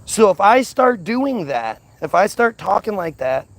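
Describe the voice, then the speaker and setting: A man's voice: high-pitched, very animated, measured pace, creaky, fairly bright tone, no room sound. A man ranting in an unscripted monologue, agitated, often repeating and restarting words. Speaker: commentator.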